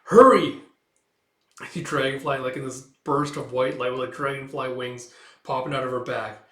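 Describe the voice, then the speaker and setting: A man's voice: medium pitch, little pitch movement, fairly quick, fairly bright tone, roomy sound. A man reading through a comic book aloud in a casual, loose way, paraphrasing the dialogue with fillers.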